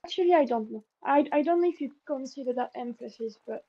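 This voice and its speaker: High-voiced French-accented woman explaining. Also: fast, no room sound, highs cut off. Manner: hesitant, searches for words. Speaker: French tutor. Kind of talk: casual explaining.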